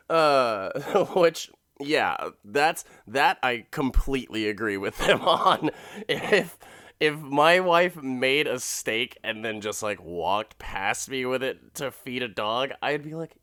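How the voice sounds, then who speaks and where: A male podcast host rambles through a comedic episode recap, swearing and laughing along the way. His voice is smooth and resonant, recorded close in a dry room. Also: medium pitch, lively intonation, slow pace, sharp tone, no room sound.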